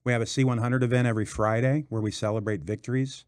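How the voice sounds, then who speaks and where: A man talking as a guest on a studio talk show, energetic and enthusiastic about his company. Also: mid-range voice, fast, smooth, no echo. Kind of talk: casual studio interview.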